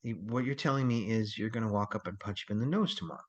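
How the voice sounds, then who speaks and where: A man's voice: lowish voice, fast, hardly any pauses, highs cut off. A man teaching a crisis response training lecture in a rambling, conversational way, with many fillers and restarts.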